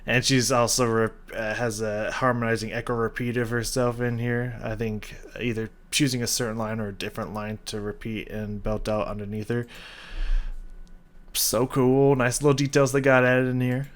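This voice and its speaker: A man's voice: mid-range voice, level tone, normal speed. A man giving casual, enthusiastic commentary while reacting to a song, swearing freely and padding his talk with fillers. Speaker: music reaction youtuber.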